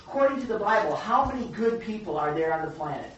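A woman leading a Bible study, teaching in a chatty, animated storytelling way. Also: low voice, a little fast, distant mic, slight background noise. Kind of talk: casual teaching. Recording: echoey room from afar, dull.

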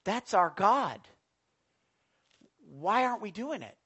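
Animated pastor preaching a sermon. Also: mid-range voice, slow, breathy edge, dull audio. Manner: animated, asks the congregation questions. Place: church with congregation.

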